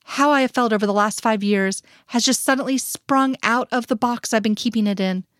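A woman voicing a gentle, concerned man speaking softly on the phone in an audiobook reading. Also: on the high side, fairly quick, dry recording, studio quality, natural voice. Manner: soft, concerned.

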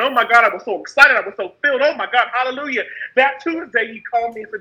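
A woman's voice: fairly high pitch, fast talker, few pauses, bright, forceful tone, low-quality recording. A woman from the United States giving a raw, impassioned personal testimony, repeating phrases for emphasis. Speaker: speaker sharing her story.

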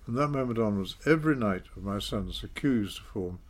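Older Englishman, low measured voice. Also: expressive. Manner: measured, self-deprecating, with frequent fillers. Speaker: interview guest, former politician. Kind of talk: reflective storytelling.

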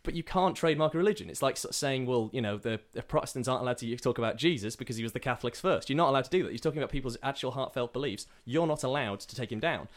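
A man's voice: medium pitch, very fast, hardly any pauses. A man casually telling a rambling comic story on a podcast, acting out the characters in quoted voices. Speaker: podcast co-host pitching a story.

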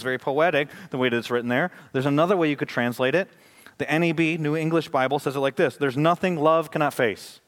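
A man giving a sermon to his congregation, talking in a conversational way and rising to emphatic, questioning passages. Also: medium pitch. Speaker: pastor.

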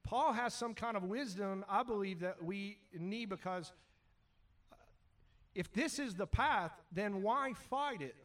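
High, bright-voiced man preaching. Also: takes it slowly, distant mic. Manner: animated preaching, shouts and drops to quiet asides. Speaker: pastor. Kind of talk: sermon.

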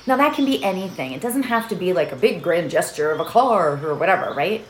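A woman's voice: on the low side, animated, fairly quick. A middle-aged woman hosting a meditation session in a casual, chatty way, laughing often and checking in with her listeners. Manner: chatty, laughs often, keeps asking "right?". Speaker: meditation host. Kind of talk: casual chat leading a meditation. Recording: roomy echo with faint background noise.

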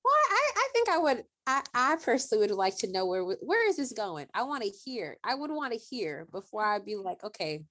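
A woman's voice: a little high, fairly quick, hardly any pauses. A woman co-hosting a casual chat, reacting expressively to a TV episode. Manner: expressive, reacts with gasps and laughs. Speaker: podcast co-host.

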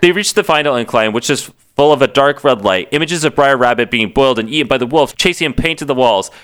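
A man's voice: medium pitch, quick pace, a bit bright, smooth. A man co-hosting a comedy podcast, reading fan fiction aloud dramatically and laughing through it. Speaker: podcast co-host.

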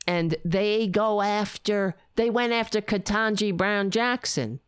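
Blunt, ranting woman, slow and dry. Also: medium pitch, clear, resonant tone, no echo. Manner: blunt, ranting, talks to her cats and chat. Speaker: livestream host. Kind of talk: casual political livestream chat.

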